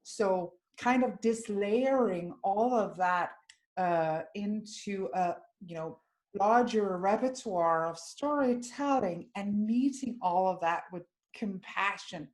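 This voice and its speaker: A woman hosting an informal live webinar from home over a video call. She talks in a searching way, often stopping and restarting her sentences. Her pitch sits in the middle range for a woman. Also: slow. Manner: warm, searching, with frequent restarts. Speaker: webinar host, psychologist. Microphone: video call microphone.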